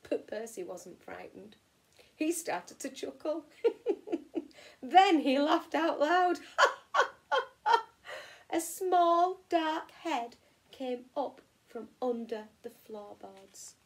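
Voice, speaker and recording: A woman teacher from England reading a children's picture book aloud in an expressive storytelling way. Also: high voice, slow. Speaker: primary school teacher.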